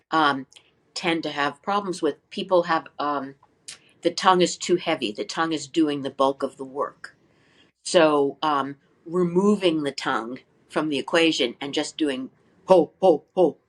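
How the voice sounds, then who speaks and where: Older woman teacher full of rhetorical questions. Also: sits low. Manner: animated, asks many rhetorical questions, sings demonstration syllables. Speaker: flute teacher, podcast guest. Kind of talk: interview, explaining practice methods.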